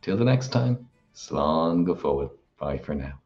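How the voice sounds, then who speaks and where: A man hosting a language lesson, saying each word slowly and repeating it. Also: extremely low pitch, expressive, a little mellow, lo-fi sound, faint music behind. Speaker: language teacher.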